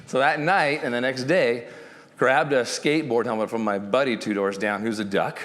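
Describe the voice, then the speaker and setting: A man of middle pitch tells a lively story from a conference stage, acting out what people said and laughing as he goes. His voice carries a long hall reverb. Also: moderate pace. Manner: animated, acts out quotes, laughs often, loose and joking. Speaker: company founder telling his story on stage. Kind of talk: storytelling talk at a summit.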